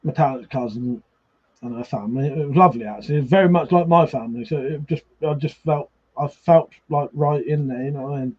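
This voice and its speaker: A man's voice: mid-range voice, quick pace, slightly rough. A drunk man hosts a livestream, chatting casually, reading out viewer comments, swearing freely and laughing often. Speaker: livestream host. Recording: slightly muffled livestream audio.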